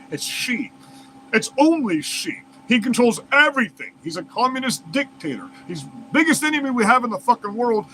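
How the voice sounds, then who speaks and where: A man's voice: sits high, pushed and bright, slight background noise, rough recording. A man reads news aloud and breaks off into heated, profane, incredulous rants as a commentary host. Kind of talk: reading news aloud and ranting over it.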